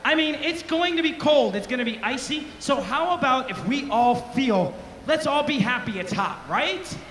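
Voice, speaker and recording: A man's voice: extremely high pitch, animated, normal speed, fairly bright tone, a little hiss or hum. A man leading a band on stage, joking with and rousing the crowd between songs in a festival tent. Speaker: bandleader. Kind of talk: onstage crowd banter. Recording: echoey tent with live band music.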